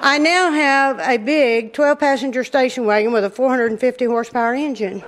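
A woman's voice: high-pitched, a little fast, background noise. A middle-aged woman telling a funny story from her own life to an audience. She talks in a folksy way and often laughs. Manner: lively, laughs often, drawling folksy delivery. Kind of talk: humorous personal storytelling to an audience.

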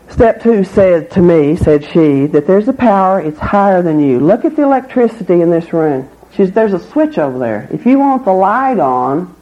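A middle-aged woman tells her own story in an earnest, halting way, often restarting and repeating herself. She speaks as a member sharing at a recovery meeting. The recording is a little muffled and lo-fi. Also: on the low side. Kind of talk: personal testimony.

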